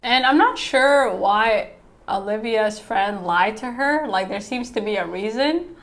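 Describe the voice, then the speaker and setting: A woman's voice: on the high side, measured pace. A woman giving a casual TV episode recap, chatty, peppering her talk with "like" and "right?", acting out characters' lines in her own voice. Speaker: TV reviewer.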